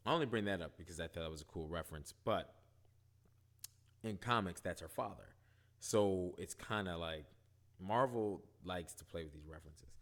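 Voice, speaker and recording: A man casually recapping and reviewing a TV episode, animated, asking "right?" often. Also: on the low side. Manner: animated, retells scenes, quotes characters, frequent "right?". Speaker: show reviewer.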